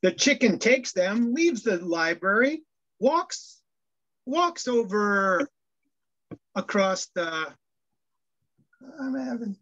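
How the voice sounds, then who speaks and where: Slow-talking male minister, muffled sound. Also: high voice, a bit bright. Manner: storytelling jokes, hesitant with restarts. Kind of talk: sermon. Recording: dull lo-fi sound.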